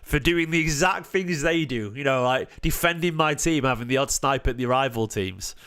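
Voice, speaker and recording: A man hosting a live football watchalong, sarcastic and defensive as he talks back to viewers in the chat, moving from low mutters to sharp raised outbursts. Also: normal speed, smooth. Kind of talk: live-stream match commentary and chat replies.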